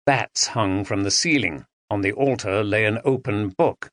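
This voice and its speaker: A man narrating an audiobook thriller, expressive and dramatic, on a close studio mic. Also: lowish voice, a little slow, hardly any pauses, no room sound. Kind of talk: scripted narration.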